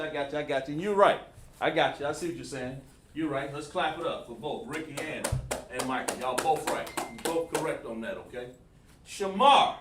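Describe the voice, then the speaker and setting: Man teaching a live-streamed language lesson. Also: fairly high pitch. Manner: repetitive, coaching, asks the chat for feedback. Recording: echoey room, distant mic, faint noise.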